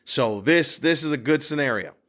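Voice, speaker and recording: A man who hosts a podcast as a stand-up comedian, telling a story in a solo episode. He talks bluntly and crudely, and his voice jumps high as he relives the moment. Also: expressive, normal speed, fairly bright tone.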